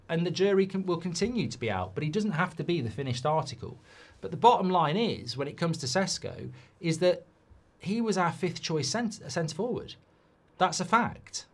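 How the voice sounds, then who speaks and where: Animated man ranting about football. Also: fairly high pitch. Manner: swears and rants at bad defending. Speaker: football watchalong host. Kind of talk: live football watchalong commentary.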